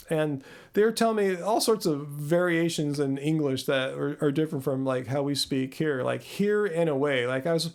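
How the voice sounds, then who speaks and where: A man's voice: a little high, creaky. A man in his thirties hosting a casual live-stream Q&A, rambling and self-deprecating as he answers viewers. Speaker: host.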